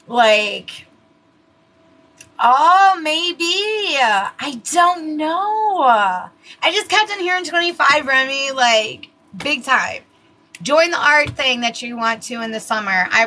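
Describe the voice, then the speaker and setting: A woman's voice: fairly high pitch, bright, forceful tone, poor audio. A woman giving a casual tarot card reading, chatty and laughing at herself, with plenty of swearing. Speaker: tarot reader.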